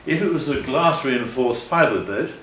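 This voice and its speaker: An older man presents slides as a guest speaker in a meeting hall, his medium-pitched, slightly bright voice expressive and measured in pace. Earnest and rambling, he keeps correcting himself. A distant mic captures the echoey room, faint ambience, and slight background noise.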